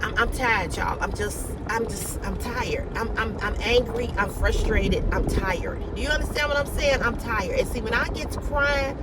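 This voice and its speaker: An angry woman vents to her viewers from behind the wheel, going over the same points and cursing freely. She sits back from the phone mic, so her voice comes through thin and distant. Loud road and wind noise roars under every word. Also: a little high, normal speed, hardly any pauses. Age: adult with a mortgage and a child. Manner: angry, repetitive venting, swearing. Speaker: vlogger. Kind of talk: venting to viewers while driving. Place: in a car.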